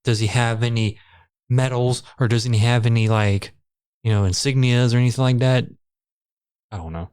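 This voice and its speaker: A man co-hosting a podcast, recapping a movie in casual chat with deadpan jokes and swearing. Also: mid-range voice, moderate pace, pauses often, smooth. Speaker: podcast co-host.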